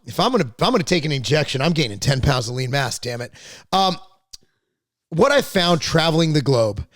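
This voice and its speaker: A man's voice: on the high side, gravelly, no echo, clean studio sound. A man hosting a podcast, talking bluntly and at length about politics, restarting his sentences and swearing now and then. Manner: opinionated, rambling, blunt with profanity; frequent restarts and repeated words. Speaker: podcast host. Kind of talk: casual political chat.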